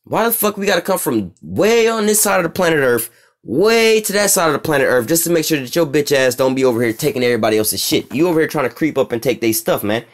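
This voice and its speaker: A man's voice: on the high side, animated, quick pace, pitched above the performer's own voice, lightly acted. A man voicing a mocking impression of an irate male world leader, in profane, exasperated street slang.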